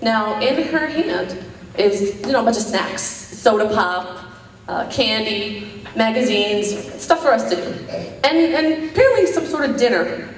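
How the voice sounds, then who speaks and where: A woman's voice: on the high side, expressive, unhurried, a little hiss or hum. A woman performing a stand-up comedy set, rambling and self-deprecating, with lots of "um" fillers, laughing at her own jokes. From New York. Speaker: stand-up comic. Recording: roomy, from a distance.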